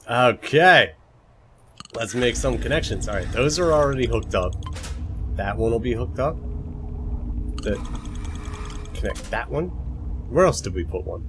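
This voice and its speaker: A man with a medium-pitched, slightly bright voice live streams video games from home, unhurried and animated with long pauses over slight background noise. He chats and mutters away, sometimes shrieking playfully, while his roommate sleeps nearby.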